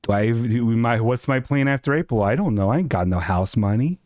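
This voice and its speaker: A man hosting a live stream from his apartment, ranting in a casual, self-mocking way and jumping into squeaky voices for quotes. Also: animated, fairly quick, darkish tone, no room sound. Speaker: streamer host.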